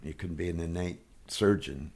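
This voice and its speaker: An older man, a guest orchestrator, speaking thoughtfully and measuredly with a gently dry manner in an interview. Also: low voice, normal speed, vocal fry. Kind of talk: reflective interview talk.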